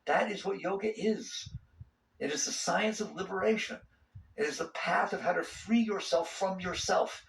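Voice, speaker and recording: An older man giving a spiritual talk to an audience in a folksy, animated way, often laughing and asking questions. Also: high voice, moderate pace, creaky, a little hiss or hum. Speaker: spiritual teacher. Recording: roomy and distant mic.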